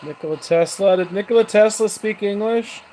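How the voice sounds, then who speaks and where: A man talks casually to unseen spirits, coaxing them with one question after another. His voice sits a little high for a man. A clear hiss of noise runs under everything. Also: moderate pace. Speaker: paranormal investigator. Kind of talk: casual ghost box session talk. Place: house, indoors.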